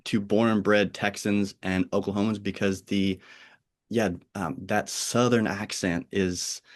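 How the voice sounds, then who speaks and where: American male podcast host, flat accent, halting, restarts often, laughs easily. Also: lowish voice. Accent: General American. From United States (Pennsylvania, Oregon). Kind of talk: casual chat.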